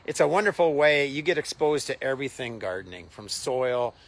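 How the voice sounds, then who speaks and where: A man's voice: mid-range voice, animated, fairly quick. A man co-hosting a gardening show, friendly and easygoing. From Minnesota. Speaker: co-host, master gardener. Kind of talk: casual educational chat. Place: outdoor garden.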